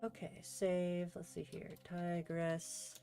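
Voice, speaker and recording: A woman's voice: lowish voice, completely flat delivery, slow pace, creaky, warm tone, soft background music. A young woman streaming while she draws, telling a rambling story in casual chat full of "like" fillers. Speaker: art streamer.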